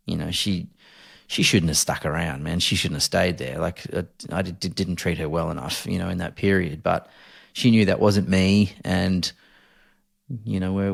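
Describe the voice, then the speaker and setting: A man in his forties with an Australian accent, recounting a hard time as a podcast guest, earnest and halting with many restarts. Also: low-pitched, vocal fry. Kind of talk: candid interview storytelling.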